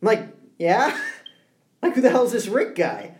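A man's voice: sits high, a little slow, a little hiss or hum. Young man telling stories, echoey room. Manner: storytelling, animated impressions. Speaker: podcast co-host. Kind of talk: casual podcast chat.

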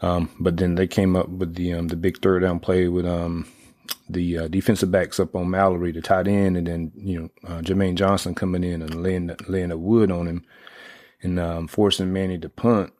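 Deep-voiced rambling sports fan man. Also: normal speed, no echo. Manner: rambling, heavy on fillers and restarts, excitable when retelling plays. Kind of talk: casual sports talk.

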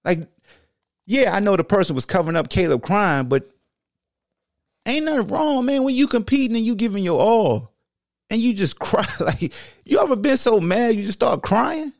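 A man hosting a sports podcast, talking with emphatic repetition that swings between low, heavy stretches and high, excited bursts. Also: moderate pace, no room sound, clean studio sound. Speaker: podcast host and former football player. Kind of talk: impassioned monologue.

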